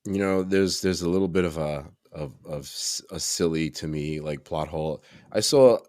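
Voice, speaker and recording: Man, podcast co-host, very deep voice, meandering casual talk, dry close recording. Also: moderate pace, darkish tone, dry recording. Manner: meandering, self-correcting asides. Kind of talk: casual chat.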